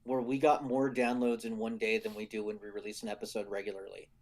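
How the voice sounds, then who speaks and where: Relaxed male podcast co-host. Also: lowish voice, fast. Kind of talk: casual podcast chat.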